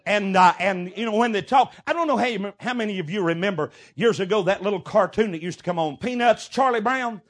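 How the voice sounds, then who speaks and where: Preacher, middle-aged man, high voice, folksy sermon storytelling with shouts. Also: animated, a little fast, hardly any pauses. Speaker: pastor.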